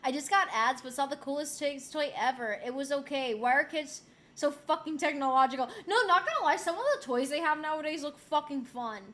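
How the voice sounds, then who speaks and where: A young woman chats loosely on her stream and reads out chat messages in a high voice. She swears and laughs easily, and her tone stays relaxed and unscripted. Her throat sounds a little sore. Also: a little fast. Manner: chatty and loose, swears freely, laughs often. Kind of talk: casual chat stream, reading chat aloud.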